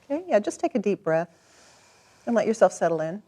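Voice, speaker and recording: A woman leads a tapping session with calm encouragement. Her voice sits in a middle range. She gives instructions gently and steadily. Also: mid-range voice, a little fast. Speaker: tapping coach. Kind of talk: guided coaching session.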